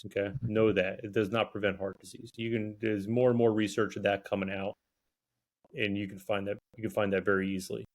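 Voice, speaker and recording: A man's voice: on the low side, flat delivery, brisk. A man on a health podcast explaining his advice in casual talk, earnest and repeating his key points. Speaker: podcast co-host, health guest expert.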